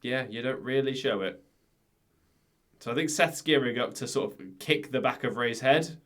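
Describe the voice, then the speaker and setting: A man's voice: mid-range voice, moderate pace, a bit bright. A man co-hosting a podcast, chatting casually and explaining things step by step. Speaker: podcast co-host. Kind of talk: casual chat.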